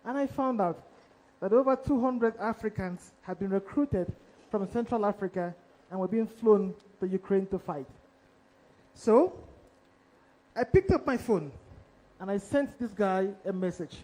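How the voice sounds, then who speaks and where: A man's voice: high-pitched, expressive, a little slow, long pauses, dark tone, poor audio. A man, an investigative journalist, telling a dramatic story on stage to a live audience and asking them questions directly.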